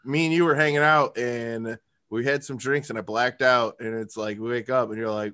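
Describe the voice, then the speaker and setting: A man co-hosting a podcast, joking about an episode and acting out characters' lines in a playful, animated way. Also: medium pitch, a little fast, clean tone. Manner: animated, jokey, acts out lines from the show. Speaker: podcast co-host. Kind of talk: casual chat recapping a TV episode.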